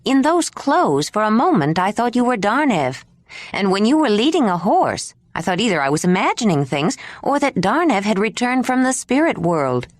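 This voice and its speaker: A woman's voice: mid-range voice, big pitch swings, normal speed, no room sound, clean studio sound, voice pushed up, lightly acted. A woman narrator voicing a shrewd, muscular head woman who asks probing questions.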